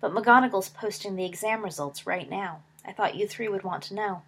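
A woman's voice: medium pitch, breathy edge. A woman playing a mild, wry schoolboy wizard. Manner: calm, wry, measured. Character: mild, dry-witted teenage schoolboy wizard.

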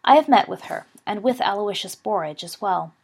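A woman's voice: medium pitch, expressive, normal speed, breathy edge. Dumbledore, as a woman reads a courtly old wizard. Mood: calm, assured. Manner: courtly, gently assured. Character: elderly calm twinkling male wizard headmaster.

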